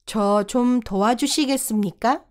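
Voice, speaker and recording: Female prompt reader for a lesson: very quick, lively pitch, slightly high voice. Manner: reads each short prompt once, crisply. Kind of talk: brisk reading of Korean prompts.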